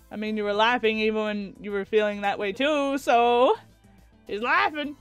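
A woman's voice: a little high, moderate pace, clear, resonant tone, no echo. A woman in her thirties reading a visual novel aloud with her own comments, giggling often. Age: 30s. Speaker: visual novel let's-player. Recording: faint music behind.

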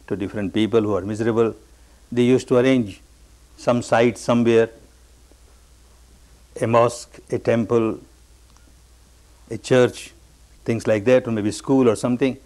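A meditation teacher giving a discourse, telling a story with emphatic repetition, rising on stressed phrases and sinking to quiet endings. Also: male voice, steady tone, normal speed, pauses often. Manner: swings between raised, stressed phrases and low, quiet endings.

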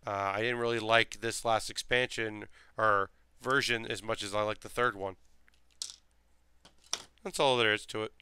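A man's voice: mid-range voice, bright, forceful tone, smooth, no echo. A man streaming a model build, rambling casually and muttering to himself as he works. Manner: rambling, thinks aloud, mutters to himself while working. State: sleepy, yawning. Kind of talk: casual live-stream chat while building.

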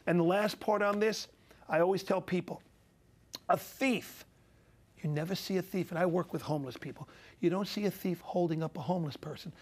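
A man's voice: sits high, a little fast. A middle-aged man telling emotional stories with passion and a preacher's repetition. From Italian-American. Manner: passionate, preacherly, repeats phrases for emphasis. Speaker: guest speaker. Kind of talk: emotional storytelling.

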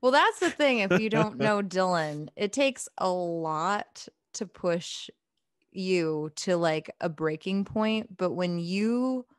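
A young woman co-hosting a casual podcast, joking wryly and laughing often, turning gentle on serious points. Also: on the low side, lively intonation, slow pace, dry recording, clean studio sound. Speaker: podcast co-host. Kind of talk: casual chat.

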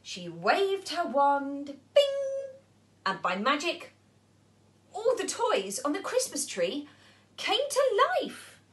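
A slow, highly animated woman reads a picture book to young children, her pitch swinging widely. She pauses to ask the children questions as she goes. Her voice sits on the higher side. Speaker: nursery storyteller.

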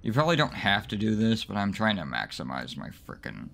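A man commentating his own gameplay, swearing and mocking himself in exasperated rants, with sudden high yelps when frustrated. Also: wildly swooping pitch, a little fast, vocal fry, a bit bright, slight background noise. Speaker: let's play gamer.

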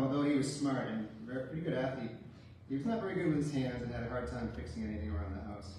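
A man's voice: medium pitch, dark tone, a little hiss or hum. A man delivers a eulogy in a church, spinning wry, humorous anecdotes about his late father with little chuckles. He sounds set back from the microphone, and his voice rings through a very reverberant hall. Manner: wry storytelling with light chuckles. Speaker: son giving a eulogy. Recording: very echoey church, distant mic.

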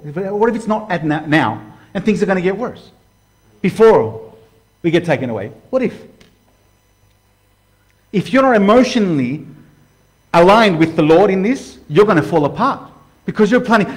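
Male preacher with a high voice, animated and conversational, addresses viewers directly. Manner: animated, talks to viewers as "guys", acts out quoted voices. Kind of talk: casual sermon to camera.

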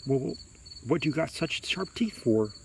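A man's voice: mid-range voice, lively intonation, brisk, dark tone, slight background noise, lightly acted. A man voicing a frightened young boy who asks anxious questions. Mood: nervous.

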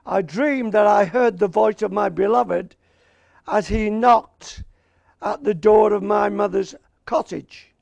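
A man with an Australian accent preaching a sermon, slow and emphatic, repeating key words and asking for an amen. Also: high voice, creaky, darkish tone, dry recording.

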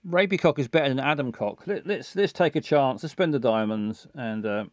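A man's voice: mid-range voice, animated, moderate pace, no room sound, clean studio sound. A man, giving bawdy, joking commentary on a game stream.

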